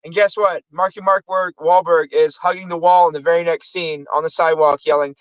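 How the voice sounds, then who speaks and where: A man's voice: on the high side, steady tone, brisk, hardly any pauses, no echo, dull audio. A man hosting a casual movie review show, rambling through plots and acting out lines from the films. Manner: rambling, acts out movie quotes. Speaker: host.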